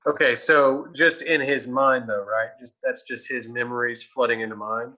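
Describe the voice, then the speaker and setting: A man's voice: medium pitch, fairly even intonation, normal speed, bright, forceful tone, lo-fi sound. A man playing a tabletop game, chatting casually and thinking aloud as he counts his dice.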